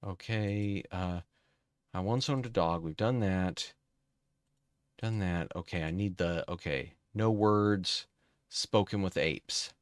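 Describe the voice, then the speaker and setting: A man's voice: deep voice, slow, clean tone, no echo, studio quality. A man streaming a video game, chatting casually and correcting himself as he plays. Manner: chatty, self-correcting, talks to chat. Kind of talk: casual gameplay commentary.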